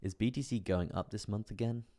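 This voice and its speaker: Young guy live streaming, deep gravelly voice, chatty and loose, lots of "guys" and "um". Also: a little fast, mellow. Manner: casual, chatty, full of fillers and "guys". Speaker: crypto trading streamer.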